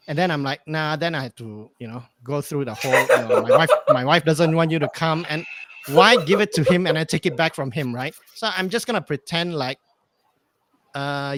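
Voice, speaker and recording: A man's voice: on the high side, expressive, normal speed, crowd noise. A man telling a rambling anecdote on a remote call, hesitant and full of fillers, acting out bits of dialogue. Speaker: podcast guest. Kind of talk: casual storytelling chat.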